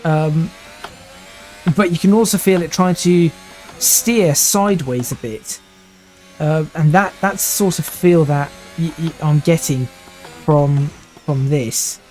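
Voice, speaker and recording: Young man, slightly high voice, live sim racing commentary, thinks aloud and restarts sentences, faint music behind. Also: slow pace, long pauses, darkish tone. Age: 20s.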